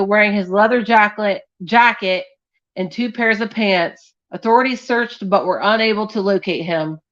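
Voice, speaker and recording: A woman tells a true crime case on her live stream at an unhurried, drawn-out pace, casual and a little sweary. Her voice sounds dull and lo-fi through the stream audio. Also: mid-range voice, fairly bright tone. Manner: loose, sweary and distracted, scolding a cat mid-story.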